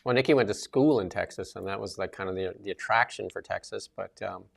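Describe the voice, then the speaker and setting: A man's voice: low-pitched, fairly quick, creaky, breathy edge. A middle-aged man co-hosting a casual political chat, rambling with many fillers and restarts. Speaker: co-host.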